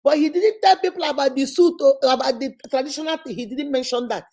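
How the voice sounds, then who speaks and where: A woman's voice: sits high, quick pace, dark tone. A middle-aged Nigerian woman hosting a casual vlog, telling stories with laughter and rhetorical questions. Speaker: host.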